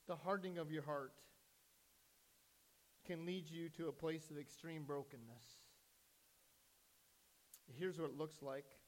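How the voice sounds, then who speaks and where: A man, a pastor, preaching a sermon in a church, swinging from hushed, slow lines to loud, excited bursts. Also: a little high. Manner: preaching with sudden loud rises and hushed drops.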